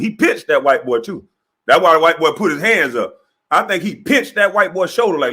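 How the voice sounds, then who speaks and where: Man, forties, mocking laughing rant, swooping lively pitch, husky voice. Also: a little fast. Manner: mocking, laughing, loud, acts out quotes. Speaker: former basketball player giving commentary. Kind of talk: animated profane rant.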